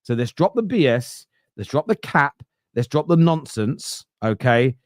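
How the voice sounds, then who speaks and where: A man's voice: mid-range voice, animated, a little slow, dry recording, clean studio sound. A man hosting a fan podcast, ranting in an emphatic, sarcastic way. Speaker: podcast host. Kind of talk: opinionated fan podcast rant.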